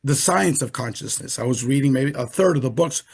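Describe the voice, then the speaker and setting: With a mid-range, expressive, husky voice that moves a little fast and carries vocal fry, a retired professional in his later years tells stories about his past. He's a guest on a video call interview, speaking emphatically and often repeating himself.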